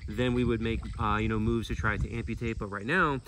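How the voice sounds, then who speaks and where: A man's voice: on the low side, fairly even intonation, a little fast, fairly bright tone, a little hiss or hum. Easygoing man explaining outdoors. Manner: loose, filler-heavy explaining. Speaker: sanctuary owner and vlog host. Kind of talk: casual vlog chat. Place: outdoors at an animal sanctuary.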